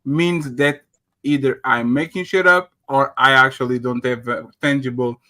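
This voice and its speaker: Bright-voiced blunt young man hosting. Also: mid-range voice, fairly even intonation, normal speed. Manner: blunt, crude, swings from loud to muttered. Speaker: podcast host. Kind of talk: casual panel debate.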